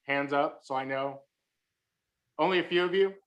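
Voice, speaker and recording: Speaking at a moderate pace in a slightly high voice, a male guest speaker delivers a humorous video-call talk. He pokes fun at his audience and tells a joke-laden story that lands on punchlines.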